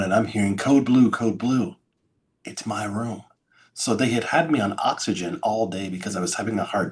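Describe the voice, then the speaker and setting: A middle-aged man telling his story as an interview guest, acting out sounds and quoted lines with dramatic flair. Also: lowish voice. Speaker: podcast guest, keynote speaker.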